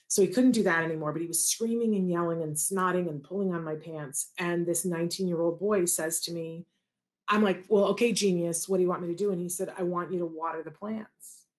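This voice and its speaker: A woman, a parent of an autistic child, telling a personal story and acting out the dialogue in a lively way. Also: on the low side. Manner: animated, acts out quoted dialogue.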